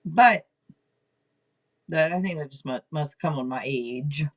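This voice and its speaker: A woman in her forties chatting casually on a live tarot stream, loud and blunt, joking and swearing freely, her throat a little irritated. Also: sits low, slow pace.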